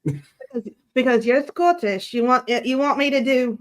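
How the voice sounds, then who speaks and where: A woman's voice: high-pitched, a little slow. Congested woman guest, rambling and laughing, call audio. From United States. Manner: rambling, laughing, self-correcting. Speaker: paranormal investigator guest. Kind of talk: casual chat.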